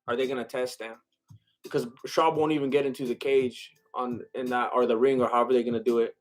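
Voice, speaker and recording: A man's voice: medium pitch, flat delivery, fairly quick. A man with a Mexican-American accent chatting casually on a live stream, rambling with lots of fillers and laughter.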